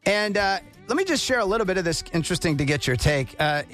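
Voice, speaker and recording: Guy hosting morning radio, high voice, really lively, faint music under. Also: quick pace. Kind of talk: morning radio show chat.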